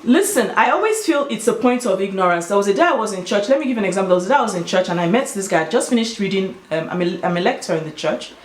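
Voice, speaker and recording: A woman's voice: mid-range voice, animated, racing, hardly any pauses. A Nigerian woman with an Igbo-tinged accent, talking casually and emphatically to her vlog audience. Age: adult with children. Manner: emphatic, explaining and storytelling. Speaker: YouTuber. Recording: echoey room.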